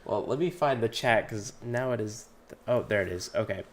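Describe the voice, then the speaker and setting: A man's voice: fairly low pitch, normal speed, a little hiss or hum. A man hosting a livestreamed tabletop game, talking in a playful, goofy way. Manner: playful, goofy, laughing a lot. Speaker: host. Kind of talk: casual chat hosting a livestream.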